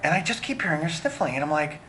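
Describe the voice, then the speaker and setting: Middle-aged male director, bright tone, animated, rambling interview answers, faint background hum. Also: a little high, fast. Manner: animated, many fillers and restarts. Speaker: film director.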